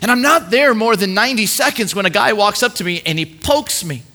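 A young man preaching a sermon through a lively personal story, acting out the voices of people he quotes and often repeating his words as he goes. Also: high-pitched, fairly quick.

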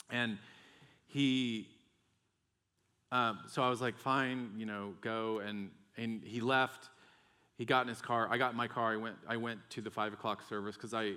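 A man telling a personal story in a loose, rambling way, with lots of restarts and quoted back-and-forth. His voice is bright and forward, and he jumps higher and louder when he gets excited. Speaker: storyteller sharing personal faith testimony. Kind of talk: casual spoken storytelling.

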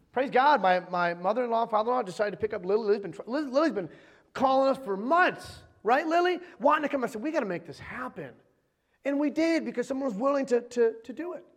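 High-voiced man preaching a lively sermon. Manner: exhorting, repetitive rhetorical questions. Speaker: pastor.

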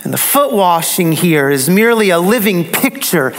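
A man preaching an expository sermon, slow and dramatic, with emphatic repetition. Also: sits high, big pitch swings.

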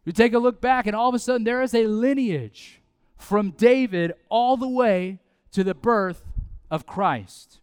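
A man, preaching a sermon in a conversational, animated way with asides and repetition. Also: high-pitched, a little slow, clear, resonant tone, dry recording. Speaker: pastor.

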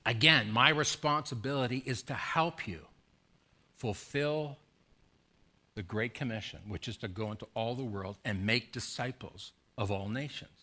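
A man's voice: mid-range voice, normal speed, pushed and bright. A man preaching a sermon as pastor, urging and pleading with his congregation through emphatic repeated questions.

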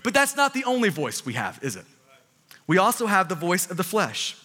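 High bright-voiced preacher man in a hall. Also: a little fast. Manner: animated, repeats words when stressing a point. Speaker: pastor. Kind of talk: sermon.

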